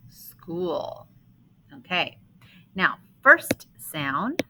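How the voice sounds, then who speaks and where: A woman teaching young children to read, her voice bright and clear. She moves very slowly and patiently, breaking each word into its sounds. A faint hiss sits under the recording. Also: lowish voice, very animated, rough recording. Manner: slow, patient, sounding out words. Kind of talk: phonics lesson for young children.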